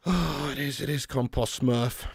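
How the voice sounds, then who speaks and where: Streaming a live football watch-along, this man reads viewer comments in a relaxed way, then curses and yells at the game as events unfold. He has a mid-range, creaky, husky voice at a measured pace, recorded dry.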